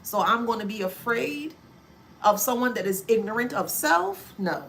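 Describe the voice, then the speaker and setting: Animated, laughing woman tarot reader. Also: a little high, normal speed, gravelly, background noise. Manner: animated, laughs often, mocking asides. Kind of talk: spiritual tarot reading monologue.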